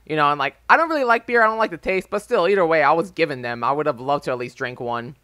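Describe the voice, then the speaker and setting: A young man in his early twenties tells a meandering story while he plays, leaning on fillers as he goes. His voice sits a little high and sounds bright and forward. It is recorded close and dry on a desk microphone. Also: expressive, fast, no echo. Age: early 20s. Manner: rambling, loose and chatty, full of "like" and "um". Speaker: gaming YouTuber. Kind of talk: casual storytelling over gameplay. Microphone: desk microphone with a phone as backup.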